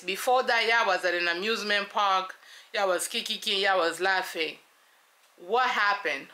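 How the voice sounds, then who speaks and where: Bright-voiced woman reviewing a show. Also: mid-range voice. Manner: animated, sassy, talks straight to viewers. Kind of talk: casual reality-show commentary.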